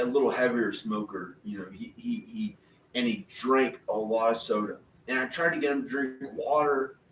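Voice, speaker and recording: A man's voice: mid-range voice, recorded from a distance. A man rambles on in casual talk, often restarting and breaking into laughter. He sits some way off the mic in an echoey room, with faint noise underneath. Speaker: vlogger.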